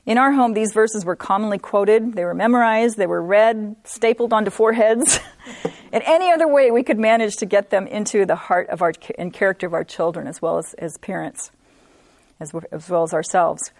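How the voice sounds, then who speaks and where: A woman teaching a women's Bible study, earnest, repeating points for emphasis and reading scripture slowly. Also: mid-range voice, a little mellow, no echo.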